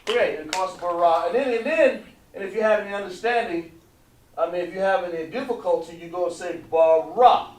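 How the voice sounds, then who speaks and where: A man teaching an online language class, patient and repetitive, drawing out words slowly to model pronunciation. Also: sits high, far from the mic, a little hiss or hum. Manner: patient, repeats points, drawn-out slow pronunciations. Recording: echoey room, voice away from mic.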